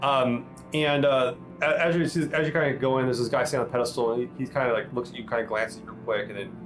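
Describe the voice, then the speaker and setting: A man's voice: mid-range voice, fairly even intonation, fast talker, soft background music, low-quality recording. A man narrating a tabletop game as game master, rambling and restarting often. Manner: rambling, lots of fillers and restarts.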